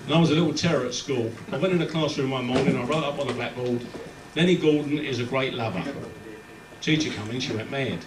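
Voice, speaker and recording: A man from London's East End, telling jokes as a stand-up comedian in short, clipped phrases on a club stage. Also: medium pitch. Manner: brisk punchline delivery in short clipped phrases. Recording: roomy, distant live club recording with background noise.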